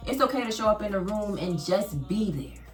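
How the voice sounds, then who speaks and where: A woman podcast host, talking in a casual faith-based chat with a preachy, animated storytelling manner. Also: medium pitch, brisk, roomy sound, far from the mic, faint music behind.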